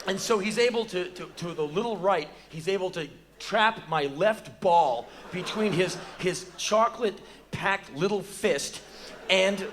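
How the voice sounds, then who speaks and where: An American man in his forties telling a profane, animated story as live spoken word on a theater stage, bursting into shouts now and then. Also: sits high, unhurried, slight background noise. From United States. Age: 40s.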